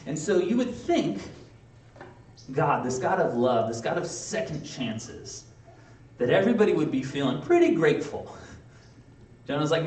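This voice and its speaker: A man preaching a sermon in a casual, conversational way, acting out quick playful asides. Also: on the high side, big pitch swings, a little mellow, a little hiss or hum. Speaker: pastor. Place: church sanctuary. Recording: echoey room, mic from a distance.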